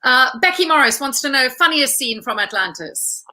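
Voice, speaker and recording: Bright-voiced woman host. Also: high voice, expressive, normal speed, a little hiss or hum. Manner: upbeat, reads out viewer questions. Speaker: interview host. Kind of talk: reading fan questions in an interview.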